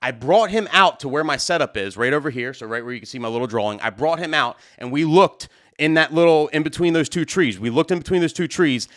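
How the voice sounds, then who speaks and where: Male stream host, slightly higher voice, animated, rambling storyteller. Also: fast, hardly any pauses. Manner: animated, excitable storytelling with many fillers. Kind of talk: casual live stream storytelling. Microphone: studio mic at a desk.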